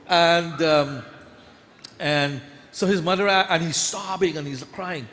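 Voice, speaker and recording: Telling devotional stories at a temple, this speaker delivers a lively sermon, his fairly high voice rising further when he acts out scenes. He talks at a slow pace in an echoey hall with faint background noise.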